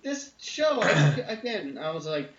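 A man co-hosting a podcast in casual chat, laid-back and halting, with frequent fillers and small laughs. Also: a little high, sing-song, a bit bright. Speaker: podcast co-host. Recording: roomy, dull lo-fi sound.

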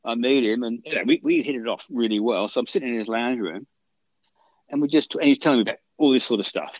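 A man's voice: medium pitch, fast talker, dry recording, dull audio. A man, a guitarist, telling long casual anecdotes in an interview, full of restarts and fillers. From Australia. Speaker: guitarist guest.

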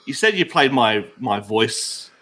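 A man's voice: medium pitch, lively intonation, measured pace, crowd noise. A man from Australia with an Australian accent, a game designer guest in a casual podcast chat, teasing and laid-back.

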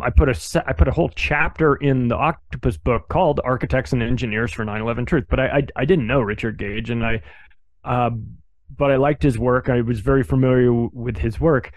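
A man speaking as a podcast guest in casual, conversational storytelling, animated and acting out other people's lines as he goes. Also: mid-range voice, no echo.

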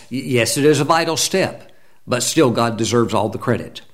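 A man preaching with fervent conviction, his voice at a middle pitch that climbs sharply when he acts out prayers of praise. He breaks into animated quoted voices of grumblers and worshippers, then settles back into steady exhortation. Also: normal speed. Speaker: pastor. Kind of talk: sermon.

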